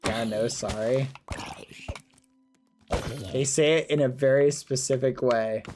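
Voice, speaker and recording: A man's voice: medium pitch, slow pace, over music. A young man chatting playfully with viewers during a casual live game stream. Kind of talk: casual live-stream chat while playing.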